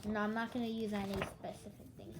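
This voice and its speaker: A woman's voice: mid-range voice, flat delivery, a little fast, noisy background. Sleepy young woman rambling casually. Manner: rambling, restarts, quotes others in dialogue. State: yawning, sleepy. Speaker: vlogger.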